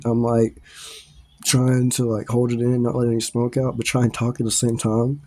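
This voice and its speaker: A man's voice: mid-range voice, completely flat delivery, normal speed, mellow. A man casually telling a story, laughing often and swearing freely, with lots of fillers and restarts. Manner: rambling, with many fillers and restarts.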